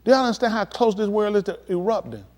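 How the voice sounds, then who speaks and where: A man preaching on a livestream, emphatic and addressing his listeners directly, building to excited peaks. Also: high voice, fast talker. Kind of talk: livestream preaching on world events.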